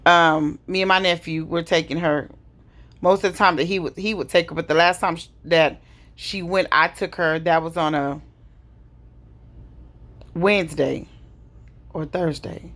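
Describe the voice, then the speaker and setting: A middle-aged woman speaks to the camera about a painful stretch of her life. Her voice sits a little low, and she tells it in a heavy, personal way, pausing and sighing as she goes. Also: fairly even intonation, fairly bright tone. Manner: heavy, emotional retelling with pauses and sighs. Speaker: vlogger telling her story.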